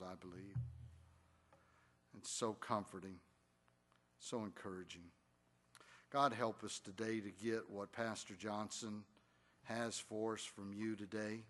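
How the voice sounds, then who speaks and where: Low-voiced man praying. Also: a bit bright, slight background noise. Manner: earnest, reverent. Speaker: church leader leading prayer. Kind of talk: spoken prayer. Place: church sanctuary.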